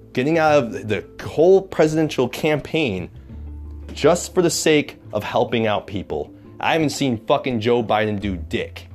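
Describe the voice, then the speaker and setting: A man ranting heatedly, lively pitch. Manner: profane, heated and repetitive, with frequent restarts. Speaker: vlogger. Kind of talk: political rant.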